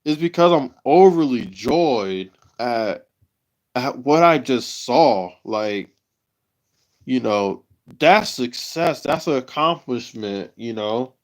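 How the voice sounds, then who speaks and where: A man of middle pitch speaks slowly on his livestream. He stops and restarts his phrases and repeats them as he talks with deep emotion. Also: lively intonation. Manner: halting, repeats himself, emotional. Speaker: livestream host.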